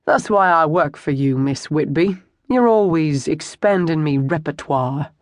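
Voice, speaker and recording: An audiobook narrator voicing a rough older man, a former lawman turned hired thug, wry and sardonic. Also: medium pitch, lively intonation, a little slow, no echo, close to an everyday voice. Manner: sardonic, dry wit.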